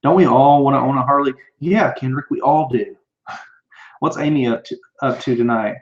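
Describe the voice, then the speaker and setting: Speaking at normal speed in a mid-range voice, this man of probably thirty-something runs a live show where he answers viewers' questions. His talk is loose and rambling, full of fillers and restarts. The sound, picked up by a computer mic, comes across dull.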